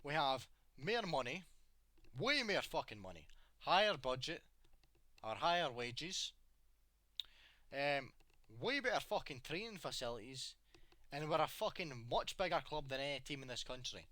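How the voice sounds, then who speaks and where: A man's voice: a little high, big pitch swings, measured pace, long pauses, pushed and bright, no echo. Sweary man ranting. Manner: sweary, exasperated, rhetorical questions. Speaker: football fan vlogger. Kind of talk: angry opinion rant.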